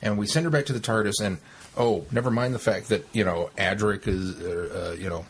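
A man co-hosting a casual chat, telling scenes with quick asides and bursts of laughter. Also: on the low side, breathy edge. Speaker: podcast co-host.

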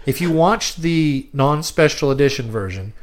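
Chatty man with a slightly higher voice. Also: animated, crowd noise. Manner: chatty, quick to laugh, trails off and restarts. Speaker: podcast co-host. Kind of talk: casual chat.

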